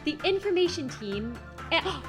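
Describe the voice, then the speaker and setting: A woman VTuber streamer chatting casually on a live stream, gushing and excitedly thanking her chat. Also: sits high, moderate pace, music in the background.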